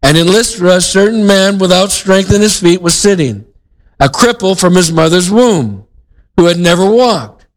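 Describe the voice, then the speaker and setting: A man's voice: high-pitched, lively intonation, moderate pace, low-quality recording. A male pastor giving a sermon in a conversational way, with frequent restarts and asides to the congregation.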